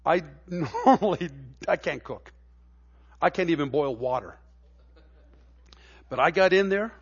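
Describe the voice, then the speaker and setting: A middle-aged male pastor preaching a sermon in a church, moving from folksy, stammering stories to emphatic preaching. His voice sits high for a man and has a gravelly edge. The recording sounds a little dull and lo-fi. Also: lively intonation, measured pace. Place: church sanctuary.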